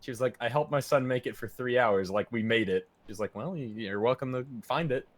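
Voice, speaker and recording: A man's voice: medium pitch, a little fast. A man streaming, telling stories in a casual, profane, laughing way.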